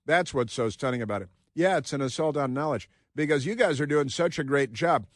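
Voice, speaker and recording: A man's voice: on the high side, animated, fairly quick, dry recording, studio quality. A man hosting a talk radio show, delivering an opinionated monologue with combative, sarcastic asides.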